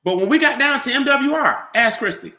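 A man giving an animated, repetitive motivational sales talk about a home business, calling on listeners by name. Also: very high-pitched, fairly quick, reverberant. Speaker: business opportunity presenter.

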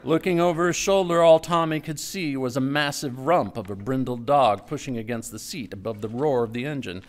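A man giving a live literary reading of a story, in a measured storytelling manner that drops low and quiet for tense moments. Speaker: writer reading his own story. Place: stage before a live audience.

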